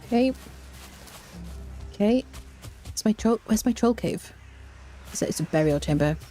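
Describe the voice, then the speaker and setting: A woman's voice: medium pitch, animated, measured pace, dark tone, soft background music. A woman streaming a survival game, chatting in a jokey, jittery way and often yelping in fright. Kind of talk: live gameplay commentary.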